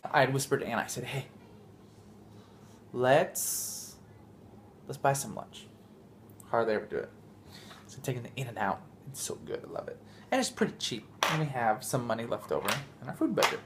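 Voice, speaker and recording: A man's voice: medium pitch, animated, moderate pace, pauses often, slight background noise. A man hosting a family vlog, chatting casually and rambling with frequent restarts as he tells a story. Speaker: vlog host and father.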